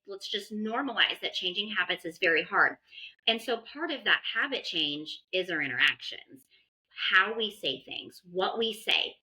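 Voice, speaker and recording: A woman in conversation with a bright, forceful voice, explaining how adults shape children's behavior. She talks earnestly and in detail, at a mid pitch. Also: poor audio. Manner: earnest, explanatory, acts out parent praise lines. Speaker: guest behavior analyst. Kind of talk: conversational advice in a podcast.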